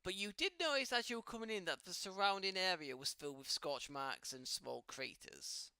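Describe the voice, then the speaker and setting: A man narrating as game master in a tabletop game, halting with many fillers and restarts. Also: sits high, animated, vocal fry, pushed and bright, smooth, dry recording, clean studio sound.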